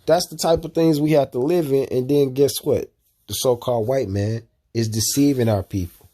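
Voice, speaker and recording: A man's voice: mid-range voice, normal speed, dark tone. Preachy man ending lines with "man". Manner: repetitive, ends phrases with "man". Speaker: commentator reacting to video. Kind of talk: preaching commentary.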